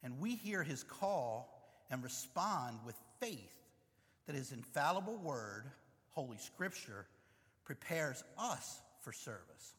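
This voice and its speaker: A man's voice: medium pitch, very animated, takes it slowly, fairly bright tone. A pastor preaching a sermon to his congregation, mixing light joking asides with earnest teaching. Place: church sanctuary. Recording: long reverb in a church hall.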